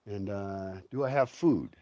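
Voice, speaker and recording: A man's voice: fairly low pitch, measured pace, mellow. A man rambling casually through a vlog at home, swearing freely and walking around outdoors while he talks. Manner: rambling, profane, talks to himself and his dogs. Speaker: vlogger.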